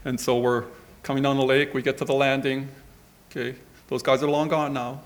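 A man's voice: mid-range voice, flat delivery, a little fast. A middle-aged man telling a rambling, conversational story as part of a sermon. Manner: rambling, conversational anecdote with many asides.

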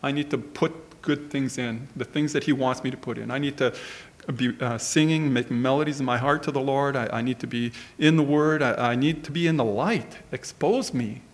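A middle-aged man, gravelly and a touch creaky at the ends of his phrases, preaching through a personal anecdote. He rambles in a conversational way, full of asides, at an ordinary pitch. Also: moderate pace. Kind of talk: storytelling sermon.

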